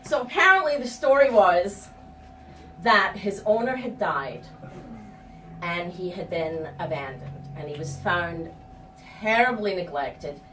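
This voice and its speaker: A woman's voice: fairly low pitch, lively intonation, unhurried, fairly bright tone, soft background music. A middle-aged woman telling a personal story live on stage, frank and profane and laughing at herself. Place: stage before a live audience. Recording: echoey room, distant mic, faint ambience.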